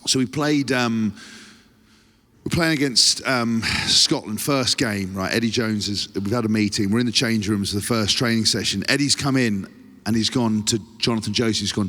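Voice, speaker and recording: A man's voice: lowish voice, moderate pace, a bit bright. A man hosting a live podcast, telling a rowdy, profane story and checking in with the audience. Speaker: podcast host. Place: live theatre stage. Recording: live venue with long reverb.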